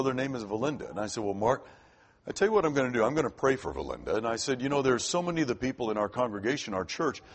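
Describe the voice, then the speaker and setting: Older male preacher, husky voice with a lot of rise and fall, chatty storytelling sermon. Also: mid-range voice. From Florida. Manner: conversational, repeats words when starting sentences.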